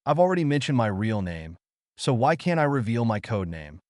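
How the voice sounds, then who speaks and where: A man's voice: mid-range voice, very animated, moderate pace, a little mellow, no echo, clean studio sound, close to an everyday voice. A man voicing a defiant young female spy held captive, in a cold, resistant manner in an audiobook.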